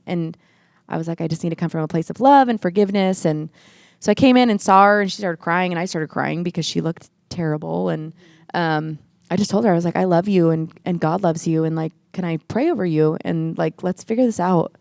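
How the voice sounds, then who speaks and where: In studio-quality sound with no room echo, a woman with a fairly low, gravelly, slightly mellow voice talks a little fast. Guesting on a church podcast, she shares her personal testimony casually but earnestly, voicing the people she quotes and getting tearful now and then.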